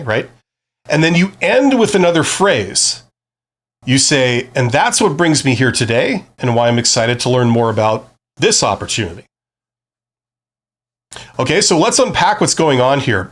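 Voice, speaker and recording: A man's voice: mid-range voice, fairly bright tone. A man hosting a live stream, giving career advice in a conversational, explanatory way and often checking in with "right?".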